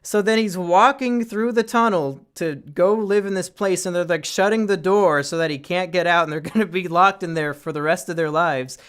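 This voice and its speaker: A man's voice: high voice, normal speed, few pauses, clear, resonant tone. A young man in casual chat, rambling through a film plot and swearing often. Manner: rambling, swears often, trails off into quiet asides. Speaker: podcast co-host reviewing films.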